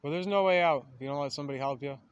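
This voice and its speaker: A man's voice: fairly high pitch, rapid-fire, smooth, lo-fi sound. A man in a casual, rambling monologue, swearing freely and meandering through a running metaphor with self-aware asides.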